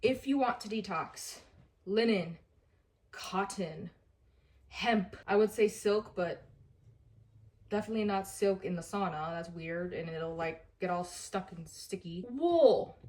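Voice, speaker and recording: A woman's voice: mid-range voice, a little slow, a little mellow. A woman vlogging about wellness to the camera in a casual, earnest way, repeating her pleas for emphasis.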